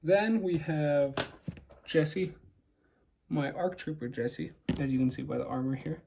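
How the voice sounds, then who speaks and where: A man's voice: a little high, a little slow, gravelly, noisy background. A young man casually showing and rating his custom toy figures, rambling with frequent fillers and restarts. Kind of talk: casual show-and-tell.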